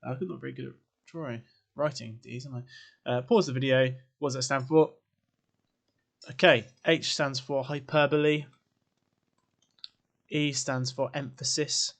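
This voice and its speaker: A man explains writing techniques as an English teacher, in a relaxed, chatty way. He keeps quizzing the listener and drops in offhand asides. His voice sits at an everyday middle pitch. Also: normal speed, creaky, pauses often. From England. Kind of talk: classroom lesson video.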